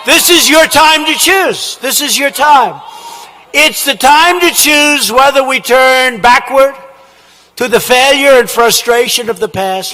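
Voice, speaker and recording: Guy yelling at a big rally in an indoor hall, real high and bright voice, keeps repeating himself. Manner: shouting, emphatic, repetitive phrasing. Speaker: politician at a rally. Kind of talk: campaign rally speech.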